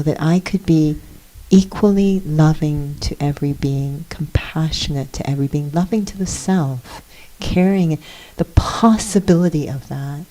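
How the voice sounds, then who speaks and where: A woman with a low, warm, mellow voice gives a reflective spiritual talk. She speaks softly and earnestly, often pausing with fillers as she searches for words. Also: rough recording. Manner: soft-spoken and earnest, with hesitant fillers. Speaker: guest speaker, meditation teacher.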